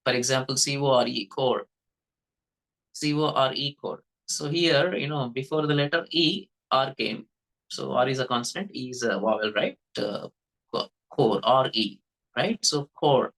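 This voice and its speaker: A man's voice: mid-range voice, moderate pace, gravelly, a bit bright, poor audio. A man with a Telugu-influenced Indian English accent, teaching English pronunciation in a casual spoken lesson and often checking in with "okay, right?". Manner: repeats "okay, right?" and "you know", demonstrates sounds.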